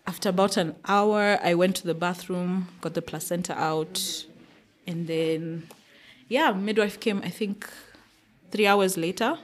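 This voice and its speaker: A woman guest on a podcast telling her story casually, animated and laughing often. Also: on the low side, measured pace.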